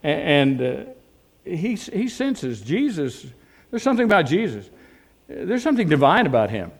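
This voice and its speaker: Folksy, higher-voiced preacher man. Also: moderate pace. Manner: folksy, animated preaching with restarts and rhetorical questions. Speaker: pastor. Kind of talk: sermon.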